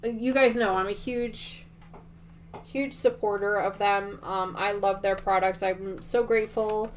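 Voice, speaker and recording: A woman's voice: medium pitch, steady tone, unhurried, slight background noise. A middle-aged woman hosting a quilting livestream, chatting casually and rambling with many ums and restarts while she sews at home. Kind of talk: casual chat while sewing.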